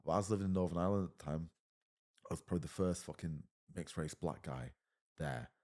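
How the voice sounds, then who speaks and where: English guy in his 30s on a podcast, deep voice, talks fast, blunt and sweary. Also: darkish tone. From England. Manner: blunt, heavy swearing, says mate often. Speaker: podcast guest. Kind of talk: casual conversation.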